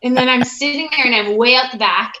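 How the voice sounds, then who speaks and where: A woman coach, a podcast guest, telling stories in a lively way and acting out what she said. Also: high-pitched, fairly quick, echoey room, dull audio. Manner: lively storyteller, acts out quotes. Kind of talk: casual conversation.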